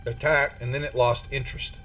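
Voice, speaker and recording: A man with a drawl runs a tabletop horror game as its game master. He narrates in a rambling, halting way, full of fillers and false starts, at an average pitch for a man. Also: little pitch movement, bright, forceful tone, soft background music.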